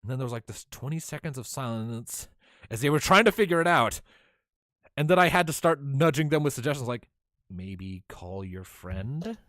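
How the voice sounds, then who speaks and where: A man hosting a casual podcast, recapping a tabletop game he ran as game master, animated and often laughing. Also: fairly high pitch, fairly quick, no echo, studio quality. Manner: animated storyteller, laughs often, many fillers.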